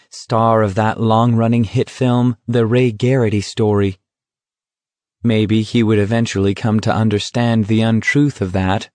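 A man narrates a novel in a steady, measured way. His voice sits low and sounds dry and close to the mic. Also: no echo. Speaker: audiobook narrator. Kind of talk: scripted audiobook narration.

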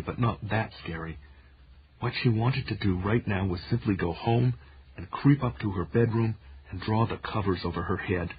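Low-voiced man narrating a story, muffled. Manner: even, measured storytelling. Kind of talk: audiobook narration. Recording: dull lo-fi recording with faint hiss.

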